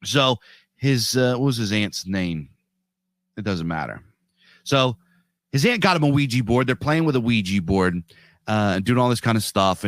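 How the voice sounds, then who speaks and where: A man's voice: lowish voice, fairly bright tone, no room sound. Rambling man telling a film story. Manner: rambling, profane storytelling with many fillers. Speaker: podcast host. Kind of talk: casual film-review chat.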